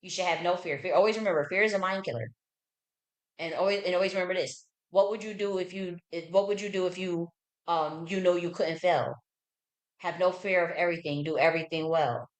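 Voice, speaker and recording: A woman's voice: fairly low pitch, brisk, roomy sound. A woman hosting a livestream, speaking bluntly and heatedly with lots of profanity and repeated words. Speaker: livestream host. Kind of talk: profane political commentary livestream.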